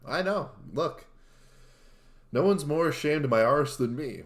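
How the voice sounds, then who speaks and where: A man co-hosting a casual comedy show, easygoing and quick to laugh along. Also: fairly high pitch, animated. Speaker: co-host.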